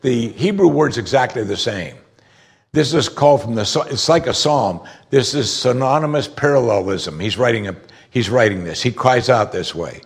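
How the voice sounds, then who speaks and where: Male pastor, husky voice, mid pitch, earnest sermon delivery with emphatic peaks. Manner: earnest preaching, rising to emphatic outbursts.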